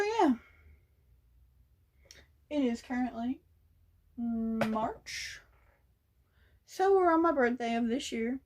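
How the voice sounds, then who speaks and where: A woman's voice: a little high, darkish tone. A young woman telling a story in a casual vlog, blunt and sassy, swearing freely. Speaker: vlogger.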